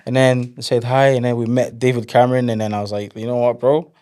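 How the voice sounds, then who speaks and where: A man's voice: medium pitch, fast, clear, resonant tone. A young man, chatting casually as an interview guest and telling stories animatedly, acting out what others said. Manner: animated storyteller, acts out quotes. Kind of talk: casual chat.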